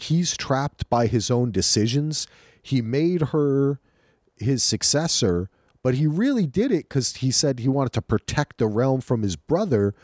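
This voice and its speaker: A man co-hosting a podcast in casual chat, talking in a lively, animated way. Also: medium pitch, no echo, studio quality. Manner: animated, lively storytelling with acted quotes. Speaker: podcast co-host.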